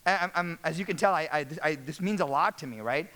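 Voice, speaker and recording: Male keynote speaker with a high voice, energetic and conversational, peppers the audience with questions. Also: fast talker. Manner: energetic, repeats words, asks audience questions. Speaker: speaker addressing real estate managers. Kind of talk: motivational business talk.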